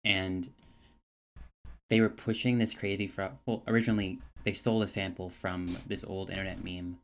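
A man's voice: low-pitched, flat delivery, moderate pace. A young adult man co-hosting a podcast, chatting in a wry, matter-of-fact way. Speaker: podcast co-host. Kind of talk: casual chat. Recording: noisy mic.

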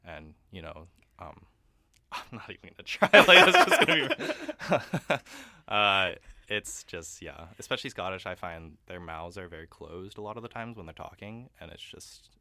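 Young male guest, very low pitch, forceful bright tone, dry close sound; chatty, quick to laugh. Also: huge pitch swings, dry recording. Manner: chatty, laughs often, many fillers. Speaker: guest opera singer. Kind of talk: casual radio interview.

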